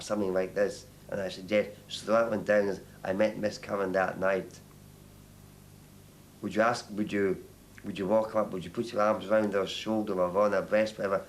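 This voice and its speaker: An older man from Northern Ireland speaks in a low voice, recalling events slowly. He halts and repeats words as he goes. A faint hiss sits under the recording. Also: fairly even intonation. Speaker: interviewee. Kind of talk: documentary testimony.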